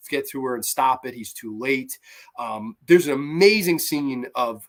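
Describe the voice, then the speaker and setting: A man's voice: mid-range voice, fairly bright tone. A man hosting a show, retelling a horror film in a rambling, profane and enthusiastic casual chat. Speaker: podcast host. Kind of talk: casual movie review chat.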